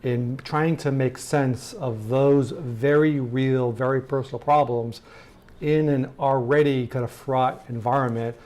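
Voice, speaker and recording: A man's voice: mid-range voice, fairly even intonation, measured pace, darkish tone. A middle-aged man giving a conference talk and a TV interview as a guest speaker, conversational, with many fillers and rhetorical check-ins. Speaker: guest speaker, polling director.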